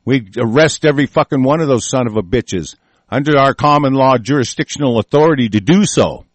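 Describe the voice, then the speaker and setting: A man's voice: medium pitch, animated, fairly quick, dry recording. A man hosting a talk show, delivering a furious, profane and confrontational political rant.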